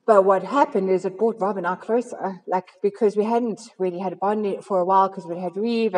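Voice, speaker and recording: A woman's voice: medium pitch, a little mellow. A South African woman giving an earnest, rambling personal testimony to a recovery fellowship, with many fillers. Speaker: recovery fellowship member sharing. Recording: long hall reverb.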